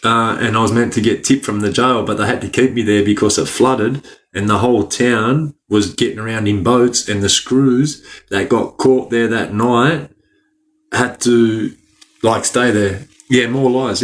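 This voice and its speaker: A man's voice: on the low side, fairly even intonation, measured pace. An Australian man chatting casually on a livestream, greeting viewers by name, using lots of slang and laughing often. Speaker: livestream host reading chat.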